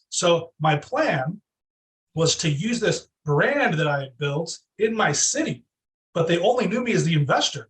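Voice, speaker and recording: A man with a high, bright speaking voice tells stories in an interview. He is animated and keeps slipping into exaggerated voices to act out quotes. He sits a bit back from the microphone. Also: recorded from a distance, poor audio. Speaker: real estate team leader, guest. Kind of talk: energetic storytelling interview.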